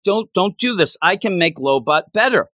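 Brief: a man putting on a frantic begging droid voice, pitched up high. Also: expressive, moderate pace, pushed and bright, no room sound, clean studio sound, exaggerated voice. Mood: pleading. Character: panicky pleading male droid.

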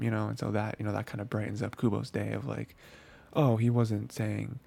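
The speaker is a man chatting loosely about anime episodes on his podcast, with plenty of fillers and false starts. His voice is lowish, dark, gravelly and husky, and he talks at normal speed with a flat delivery.

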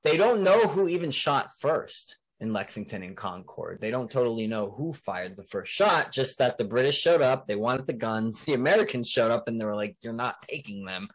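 A man's voice: mid-range voice, very animated, normal speed, few pauses, breathy edge. A man hosting a casual podcast chat, talking emphatically and rambling with many fillers. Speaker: podcast host.

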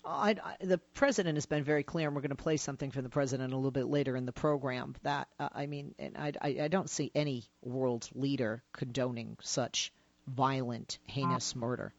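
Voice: mid-range voice, fairly even intonation, fairly quick, no echo, muffled recording. A radio talk show host taking calls and pressing the guest with direct questions.

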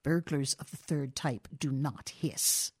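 A woman narrating a short story as an audiobook reader, telling it expressively with dramatic pauses. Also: extremely low pitch, darkish tone, husky. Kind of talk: scripted narration.

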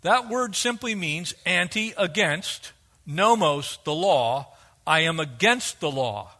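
Animated, high-voiced preacher man. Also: slow. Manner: animated, acts out quoted voices. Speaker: pastor. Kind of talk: sermon.

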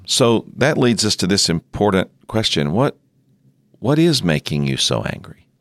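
A middle-aged man giving a measured teaching talk on pastoral care, sometimes acting out sample dialogue. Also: lowish voice, big pitch swings, no echo, clean studio sound. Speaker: seminary leader teaching on ministry.

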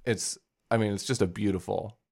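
Young guy rambling on a podcast, kinda low voice, lots of likes and ums. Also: fairly even intonation, a little fast, gravelly, a little mellow. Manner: rambling, filler-heavy, laughs often. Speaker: podcast co-host. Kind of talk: casual chat.

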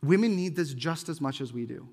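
Guy preaching a sermon, earnest and pleading, kinda high voice, long echo off the church hall. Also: expressive, fairly quick, vocal fry, darkish tone. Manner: earnest, pleading, reads scripture aloud with emphasis. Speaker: pastor. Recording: reverberant hall.

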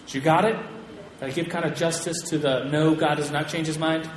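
Man, bible class teacher, slightly high voice, chatty and animated, big hall with long reverb. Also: brisk. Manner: chatty, animated storyteller with frequent restarts. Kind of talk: casual teaching to a group. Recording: echoey hall with long reverb, faint room noise.

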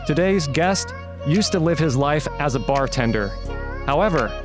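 A man's voice: on the high side, animated, moderate pace, music in the background. A man hosting an interview podcast, upbeat and playful, hyping up his guest. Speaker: podcast host. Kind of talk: scripted intro, then casual interview.

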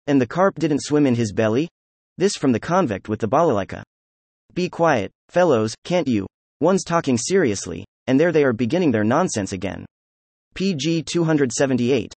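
A man narrating a classic novel in an even, measured reading. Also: mid-range voice, dry recording. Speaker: audiobook narrator. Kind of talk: scripted narration.

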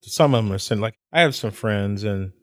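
A middle-aged man co-hosting a podcast, talking casually with lots of cursing, laughter and animated storytelling. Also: fairly low pitch, normal speed, dry recording, clean studio sound. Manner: profane, animated storyteller who laughs often. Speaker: podcast co-host.

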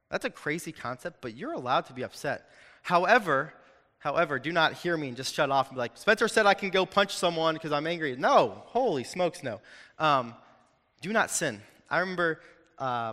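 A young male preacher talks to his congregation in a loose, animated way and throws in jokes. His voice is bright and forceful. A long reverb trails off each line, as in a large hall. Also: mid-range voice. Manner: animated, conversational, jokes with the audience. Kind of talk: sermon. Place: hall with an audience.

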